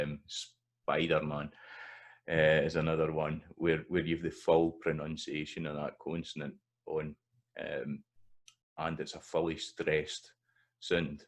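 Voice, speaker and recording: Deep-voiced Scottish man teaching. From Scotland. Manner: relaxed, hesitant, many fillers and restarts; sounds out stress patterns in rhythmic syllables. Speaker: language teacher. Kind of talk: explanatory video lesson.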